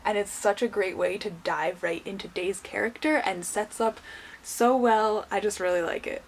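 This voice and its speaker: A woman's voice: medium pitch, a little hiss or hum. A young adult woman chatting casually to camera as a book vlogger, enthusiastic and full of "like" and "I don't know".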